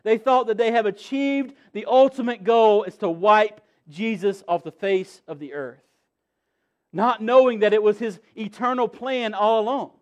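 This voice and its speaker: High-voiced man preaching with swelling emphasis. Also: moderate pace, dull audio. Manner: earnest preaching with repeated phrases, swelling emphasis. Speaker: pastor. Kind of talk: sermon.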